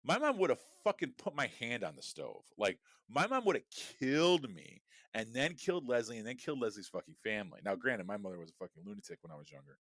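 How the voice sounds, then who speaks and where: Fast and a bit bright, with huge swings in pitch around a medium center, a middle-aged co-host vents through a story in a swearing, fed-up rant during a casual podcast chat. The sound is dry and studio-clean.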